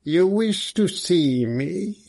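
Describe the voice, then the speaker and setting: Male reader as a big, harsh, metallic-voiced man, slow and halting, pitched above the reader's own voice, gravelly. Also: expressive, mellow, heavily acted. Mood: civil. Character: harsh-voiced tall broad man, suddenly terrified. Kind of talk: audiobook character voice.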